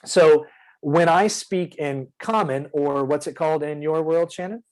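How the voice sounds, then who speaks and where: A man's voice: a little high, measured pace, darkish tone, low-quality recording. A man playing in a tabletop game, explaining his character in casual chat, earnest and rambling with many fillers and restarts. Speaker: player.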